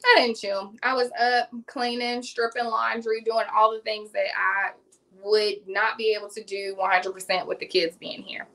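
A woman's voice: mid-range voice, little pitch movement, normal speed, pushed and bright, low-quality recording. A woman in her thirties with a Southern US accent, chatting casually with viewers while cooking on a livestream. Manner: chatty, addresses viewers as y'all. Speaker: cooking vlogger hosting a livestream. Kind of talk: casual live cooking chat.

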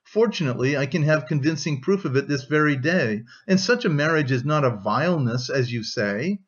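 A man's voice: on the high side, lively intonation, fairly quick, slightly rough, highs cut off. A man reading an audiobook, voicing a proud young woman who speaks firmly and dryly. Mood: upset. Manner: firm, dry, cool.

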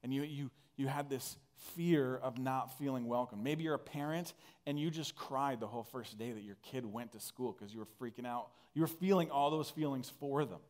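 A man's voice: medium pitch, moderate pace, a little mellow. A man from northern Canada preaching a conversational sermon, earnest and full of restarts. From northern Alberta, Canada. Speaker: pastor.

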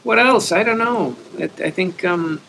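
A man's voice: sits high, a little slow, gravelly, sharp tone, slight background noise, rough recording. A man co-hosting a live community stream, talking in an easygoing, rambling way and laughing often. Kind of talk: casual live-stream chat.

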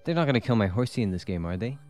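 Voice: mid-range voice, animated, very fast, a little mellow, soft background music. A young adult streamer giving live gameplay commentary, talking to themselves, swearing freely and laughing often.

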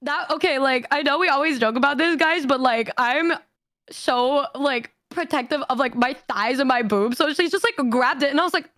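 Young woman, high voice, dry close mic, giggly rambling chat. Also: normal speed, fairly bright tone, no echo. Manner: giggly, rambling, lots of fillers. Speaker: streamer. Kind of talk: casual chat.

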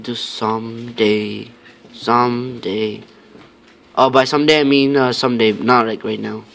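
A man's voice: medium pitch, fairly even intonation, a little slow, vocal fry, a bit bright, a little hiss or hum. A man giving casual, rambling commentary over his own gameplay, talking to himself with many fillers and mock-tough lines.

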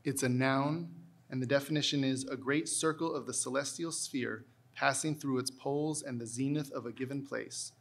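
A man pronounces competition words one at a time and reads their dictionary definitions. His delivery is measured and deliberate, each syllable enunciated with care. His voice sits at an ordinary middle pitch for a man. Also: steady tone, creaky. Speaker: spelling bee pronouncer. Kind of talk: reading words and definitions aloud.

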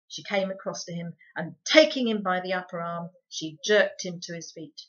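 A woman reads a children's book chapter aloud for a book club. Her voice is bright and expressive, leaning into the drama of the story. The sound is dull and lo-fi. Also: lowish voice, normal speed, hardly any pauses. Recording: dull lo-fi recording.

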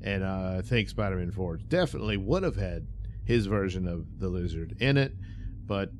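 Rambling, low-voiced man reviewing a movie. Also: lively intonation, moderate pace, a little mellow, a little hiss or hum. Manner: rambling, sarcastic, lots of fillers and chuckles. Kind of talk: casual film review monologue.

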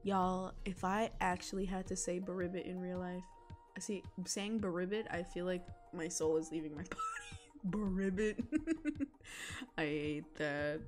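A woman's voice: lowish voice, steady tone, normal speed, soft background music. A young woman chatting casually with her chat while she draws, giggling often and rambling about food. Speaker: illustrator streaming live drawing.

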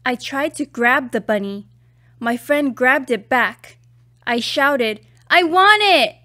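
A woman reads a children's storybook aloud in a high, bright voice. She takes her time, shaping each line with clear, expressive storytelling. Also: slow. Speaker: children's book reader.

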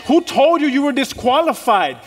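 Male pastor, high-pitched, animated preacher who laughs along with his congregation. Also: normal speed, soft background music. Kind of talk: sermon.

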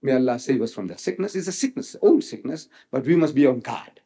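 An older man giving a public religious lecture, rhetorical and animated, quoting others in voices. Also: medium pitch, brisk. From South Africa. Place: lecture hall.

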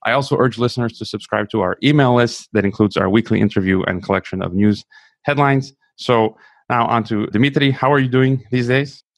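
A man hosting a podcast, reading an intro and then asking long questions with a measured delivery and some fillers. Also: medium pitch, no echo. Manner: measured, reads promos, uses fillers. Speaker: podcast host.

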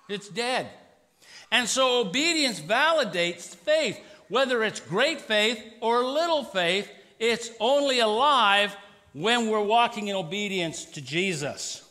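High, bright-voiced pastor in a reverberant hall. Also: male voice. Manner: animated, acts out sarcastic voices, with quick asides. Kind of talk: sermon. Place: church sanctuary.

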